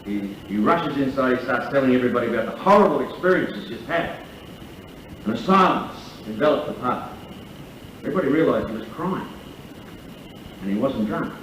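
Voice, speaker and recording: A man MCing a lunch tells jokes and a rambling tall tale loaded with profanity, stand-up fashion. His mid-range voice is brisk, a bit bright and lively in intonation, with frequent pauses; the far-off recording in a large function room is echoey, dull, and carries a little hiss or hum.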